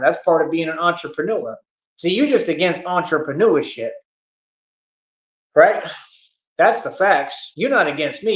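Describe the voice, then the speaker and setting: Boastful man ranting on a stream. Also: fairly high pitch. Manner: boastful, taunting, slangy. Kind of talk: boastful livestream rant. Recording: echoey room, dull lo-fi stream audio.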